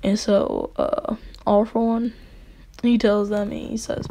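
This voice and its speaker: A woman's voice: on the high side, moderate pace, dark tone, slight background noise, rough recording. A young woman casually narrating a fan story as channel host, giggly and rambling.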